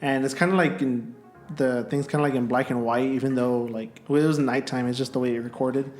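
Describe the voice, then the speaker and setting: A man's voice: mid-range voice, steady tone, a little fast, a little mellow. Laid-back young guy co-host, agreeable, roomy sound with faint music. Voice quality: easygoing, agreeable, filler-heavy. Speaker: podcast co-host. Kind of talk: casual chat.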